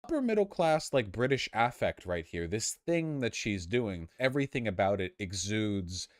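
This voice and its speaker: A man's voice: on the low side, sing-song, normal speed, no echo, studio quality. A man ranting with angry indignation in a commentary clip.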